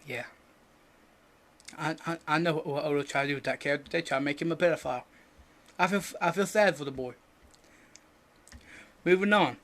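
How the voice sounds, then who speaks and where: A young man co-hosting a podcast, ranting crudely and jokingly, swinging from loud bursts to mumbled asides. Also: fairly high pitch, brisk, long pauses. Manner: loud, jokey and profane, drops to mumbling asides. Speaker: podcast co-host. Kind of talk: casual crude rant.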